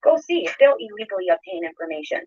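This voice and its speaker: A woman's voice: medium pitch, sing-song, fast, darkish tone, dry recording, muffled recording. A woman ranting in a heated, accusatory way. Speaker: YouTuber in a played clip. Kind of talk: angry rant.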